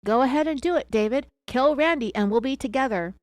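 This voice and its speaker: A woman voicing a confrontational male FBI agent, yelling and pressing hard with questions. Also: high-pitched, brisk, dry recording, studio quality, voice pushed up, close to an everyday voice. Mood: angry, accusing. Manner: yelling, accusing, relentless questioning.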